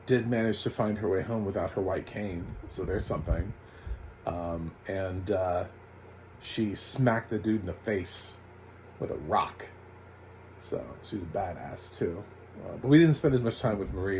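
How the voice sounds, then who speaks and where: A man with a fairly low voice recaps a TV episode in a loose, rambling way and keeps tossing in sarcastic jabs. A faint hum sits underneath his voice. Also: a little mellow, low-quality recording. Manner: sarcastic, rambling, laughs often. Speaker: TV recap reviewer. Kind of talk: casual spoken review.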